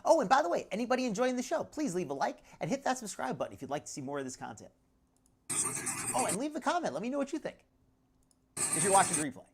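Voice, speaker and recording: A woman's voice: medium pitch, sing-song, fast, long pauses, background noise. A woman hosting a live commentary stream, chatting loosely, laughing often and breaking off mid-sentence. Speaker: livestream host. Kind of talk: live commentary on social media clips.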